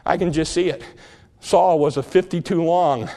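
An older man preaching a sermon, retelling a story in a lively, joking way. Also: fairly high pitch, moderate pace. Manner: lively, jokey storytelling with laughs.

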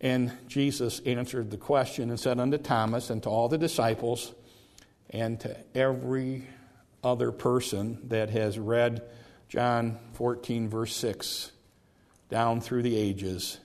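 An earnest man delivers a sermon in an ordinary middle-pitched voice. He often repeats words as he builds toward a point. He slows right down to stress the key phrases. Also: steady tone, darkish tone. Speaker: preacher.

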